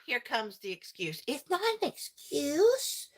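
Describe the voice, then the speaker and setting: Chatty mom streamer, higher voice. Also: female voice, normal speed, few pauses. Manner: chatty and animated, laughs often, greets viewers by name. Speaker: livestream host and teacher. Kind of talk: casual chat with viewers while crafting.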